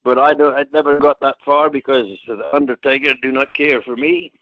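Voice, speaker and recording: Guesting on an interview, a retired wrestler from Scotland, now older, spins casual stories and performs the voices of those he quotes. He speaks at a moderate pace with medium pitch and fairly even intonation, and the recording is muffled.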